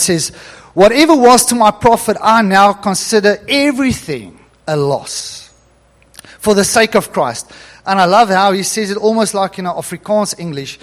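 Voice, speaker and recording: A middle-aged man with a high voice delivers a sermon, animated and given to chuckling between scripture readings. The sound carries a long reverb from a church hall. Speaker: preacher.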